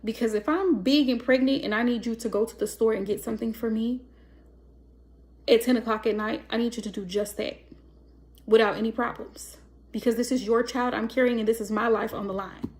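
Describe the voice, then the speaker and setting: A woman's voice: a little high, fairly even intonation, a little fast, darkish tone. A woman giving a casual spoken tarot reading, talking emphatically and acting out bits of dialogue. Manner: emphatic, acts out quoted dialogue. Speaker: tarot reader.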